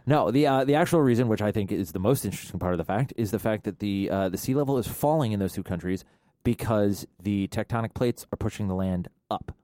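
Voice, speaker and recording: A man co-hosting a casual chat, animated and laughing often, talking about building and home shows. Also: on the low side, fast, no echo, clean studio sound. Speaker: podcast co-host.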